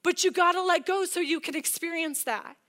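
A woman in her thirties preaching to a women's church meeting, telling a family story with animated quoted voices. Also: very high-pitched, a little fast. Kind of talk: sermon with personal story.

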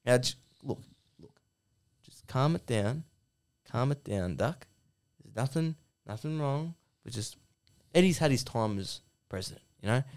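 A man with an Australian accent voicing a calm, placating male pundit who talks things down quietly. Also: a little slow, long pauses. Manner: soothing, low-key, placating.

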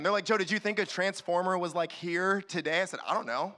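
High, bright-voiced young pastor preaching. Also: male voice. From California. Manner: animated, acts out quick voices. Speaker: youth pastor. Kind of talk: sermon.

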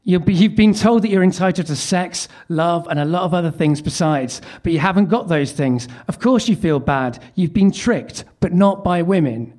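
Male stand-up, higher-pitched, dry self-deprecating delivery. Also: moderate pace, few pauses, a little mellow. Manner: self-mocking, wry asides. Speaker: comedian. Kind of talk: stand-up reading his teenage love letter.

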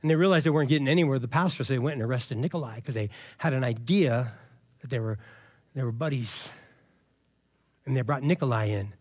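A man's voice: medium pitch, a little fast, darkish tone, no room sound. A man pastor giving an emphatic, conversational sermon full of casual asides to the congregation.

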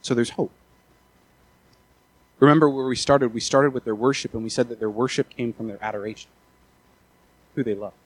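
A man preaching a sermon in a plain mid-pitched voice, recorded dry and close. He talks in a conversational way and often trips over and repeats words as he goes. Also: fairly even intonation, normal speed, pauses often, slightly rough, no echo. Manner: builds from quiet talk to loud, high-pitched urgency. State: out of breath after the peak.

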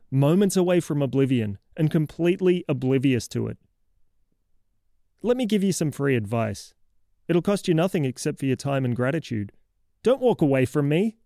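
A cranky, exasperated townsman voiced by a man scolds a kid with heavy sarcasm in a comic horror monologue. His voice is mellow and warm, recorded close and dry with no room sound. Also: fairly high pitch, creaky, dry recording. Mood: scolding. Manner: exasperated, mocking, lecturing.

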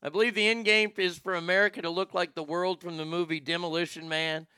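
A man's voice: high voice, little pitch movement, fast talker, bright, forceful tone, smooth, no echo, clean studio sound. A man hosting a casual talk show, blunt and rambling, swearing freely. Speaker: show host.

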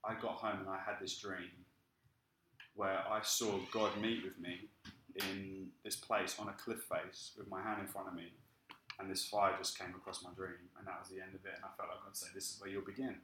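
A man preaching a sermon and telling his own story in a lively way. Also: low voice, normal speed, reverberant, slight background noise, rough recording. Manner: lively storytelling, acting out quoted speech. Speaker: pastor. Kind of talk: sermon with personal testimony.

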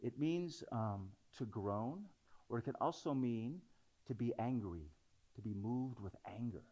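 A man's voice: mid-range voice, expressive, unhurried, dark tone, highs cut off. A man preaching a sermon, talking conversationally and building into dramatic scripture readings.

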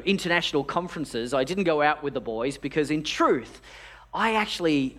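A man's voice: fairly high pitch, fairly bright tone. A man in his forties, a pastor, preaching a sermon through a personal story in a conversational way, with frequent restarts. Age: 40s.

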